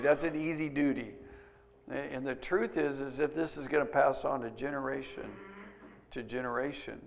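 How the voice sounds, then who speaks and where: A man's voice: fairly high pitch, steady tone, normal speed, creaky. An older man, a pastor, preaching a sermon in an earnest, conversational way and acting out little quotes.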